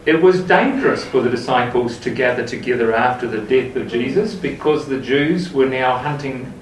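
A man's voice: medium pitch, normal speed, slight background noise. A man leading a group Bible study, talking casually and asking the group questions. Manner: conversational, asks the group questions. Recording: roomy, mic at a distance.

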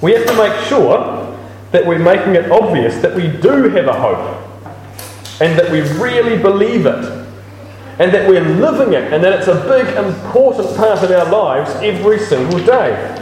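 A man's voice: high voice, expressive, normal speed, darkish tone, slight background noise. A man giving an earnest, conversational and self-deprecating church talk. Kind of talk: casual sermon. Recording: echoey hall, mic at a distance.

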